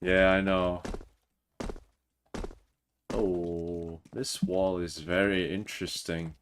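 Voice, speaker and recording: Very deep-voiced chatty streamer man. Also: flat delivery, very slow, a little hiss or hum. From Mauritius. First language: French. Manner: chatty, reads chat aloud and answers it. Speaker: game streamer. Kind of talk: casual livestream chat. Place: home room, Toronto.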